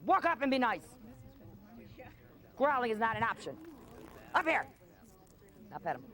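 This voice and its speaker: A woman's voice: a little high, sing-song, unhurried, fairly bright tone. A woman dog trainer running a hands-on session in an outdoor field, firm and no-nonsense with owners and coaxing with the dog.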